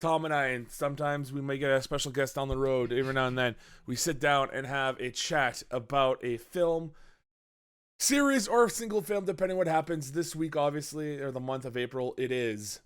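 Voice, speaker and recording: A man's voice: medium pitch, normal speed, fairly bright tone, clean tone. A man hosting a casual movie podcast, loose and joking with swearing and laughing asides. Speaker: podcast host.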